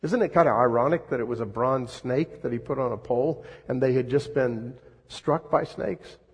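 A man preaching a sermon, swinging between loud emphatic lines and hushed ones. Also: mid-range voice, normal speed, husky, highs cut off. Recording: long reverb of a large hall.

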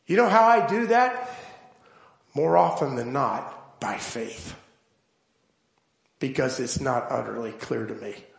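A man preaching a sermon, telling stories slowly and deliberately and building to emphatic points. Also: medium pitch, vocal fry, echoey room. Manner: slow, deliberate storytelling with emphatic build-ups.

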